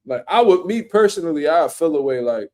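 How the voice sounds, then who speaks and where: During a relaxed podcast conversation, a young man who boxes spins lively, foul-mouthed tales in street slang. His voice is a little high, and he talks fairly quickly.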